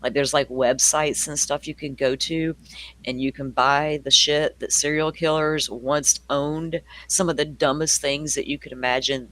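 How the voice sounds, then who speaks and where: A man's voice: on the high side, bright, forceful tone. Chatty older Southern man streaming. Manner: chatty, laughs often, addresses viewers by name. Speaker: true crime livestream host. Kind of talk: casual chat with live viewers.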